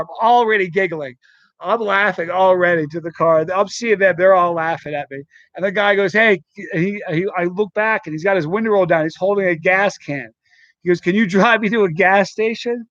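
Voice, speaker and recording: A man hosting a live stream, telling a story in a lively, laughing, casual way. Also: fairly high pitch, dry recording, dull audio. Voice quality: animated, quick to laugh. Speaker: host.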